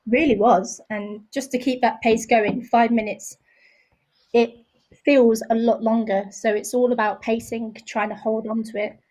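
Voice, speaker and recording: Brief: female co-commentator, higher voice, warm and mellow, encouraging. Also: fairly even intonation, measured pace. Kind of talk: live sports commentary.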